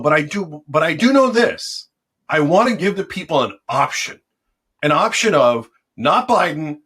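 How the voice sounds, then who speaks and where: Middle-aged man, passionate and combative, somewhat high-pitched, interview guest. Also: a bit bright. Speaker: political commentator considering a run for office. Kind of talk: interview conversation.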